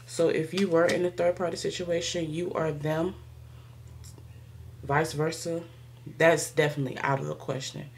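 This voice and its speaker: Lower-voiced woman giving a chatty tarot reading. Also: flat delivery, moderate pace, creaky, long pauses, slight background noise. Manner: laughs often, chatty, slangy. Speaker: tarot reader.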